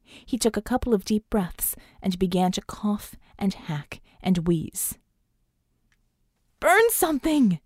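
A woman's voice: mid-range voice, measured pace, dark tone, dry recording, clean studio sound. A woman narrating an audiobook in a tense, dramatic reading. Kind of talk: scripted narration.

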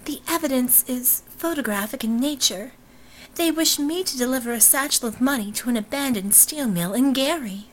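A woman's voice: high voice, moderate pace, a little hiss or hum, voice pushed up, lightly acted, low-quality recording. A woman voicing a haughty young blonde heiress who speaks in a prim, formal, disdainful way.

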